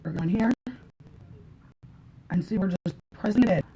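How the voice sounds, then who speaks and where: A woman's voice: lowish voice, normal speed, warm tone, slight background noise, low-quality recording. A woman hosting a casual makeup tutorial, chatting to her viewers in a friendly way as she works.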